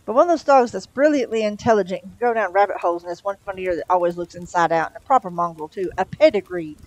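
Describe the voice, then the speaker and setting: A woman's voice: mid-range voice, fast talker, darkish tone, lightly acted, low-quality recording. A woman reading aloud and voicing a confident young boy who speaks firmly and matter-of-factly. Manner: firm, matter-of-fact. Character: confident eleven-year-old boy leader.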